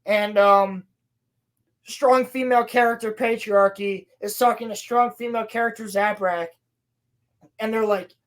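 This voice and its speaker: A woman on a podcast, casually recapping a show with sarcasm and a lot of swearing, slipping into quick playful voices for quoted lines. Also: a little high, fairly even intonation. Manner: sarcastic, profane, mocking. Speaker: podcast co-host reviewing a TV show. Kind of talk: casual chat.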